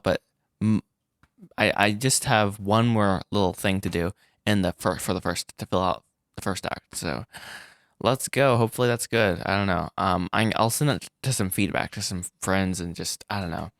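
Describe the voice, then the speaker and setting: Low-ish guy vlogging his film, rambly and self-deprecating, dry sound. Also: normal speed, fairly bright tone, no room sound. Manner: rambling, self-deprecating, frequent restarts and laughs. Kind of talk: casual solo vlog.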